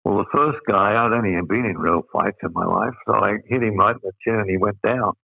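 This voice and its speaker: An Australian guest in his eighties rambles through anecdotes, chuckling throughout. He speaks fairly quickly in a low, gravelly voice with fry. The recording is dry and sounds tinny, like a phone line.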